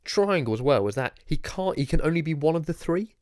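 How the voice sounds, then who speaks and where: Young male host, excitable sweary banter, dry close mic. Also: a little high, fairly quick, no echo. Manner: excitable, swears, mocking asides. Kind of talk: casual chat.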